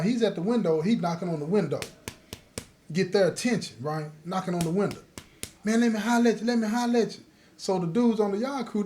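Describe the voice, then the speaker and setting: A man's voice: a little high, slight background noise. A man casually telling a story from his own life, talking straight to his listeners and checking that they follow along. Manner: lively, acts out the others in his story. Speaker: host telling his own prison stories.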